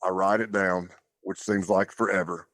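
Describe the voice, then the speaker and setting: A man's voice: deep voice, steady tone, moderate pace, fairly bright tone, dry recording. A man talking as a podcast guest, telling his story in a plainspoken, loose way with casual fillers. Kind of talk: conversational storytelling.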